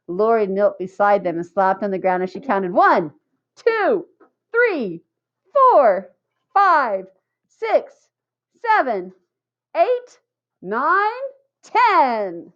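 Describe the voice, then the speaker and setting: Female audiobook narrator, steady storytelling read; lo-fi, slightly dull recording. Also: mid-range voice. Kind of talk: scripted narration.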